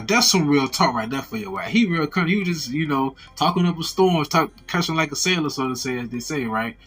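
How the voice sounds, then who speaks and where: Husky-voiced man telling a story. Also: a little high. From Alabama. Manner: animated, acts out quoted voices, repeats "I said". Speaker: storyteller giving a testimony. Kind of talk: casual spoken testimony.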